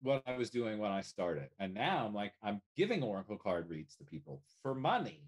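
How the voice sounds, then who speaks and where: A man talking as a life coach guest in a casual podcast conversation, animated and casually swearing. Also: lowish voice, a little fast, breathy edge. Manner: animated, swears casually, acts out little quoted voices.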